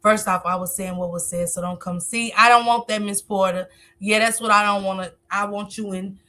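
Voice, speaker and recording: A woman's voice: medium pitch, steady tone, normal speed, sharp tone. A woman hosting a casual live stream, talkative, reading viewer comments aloud and answering them.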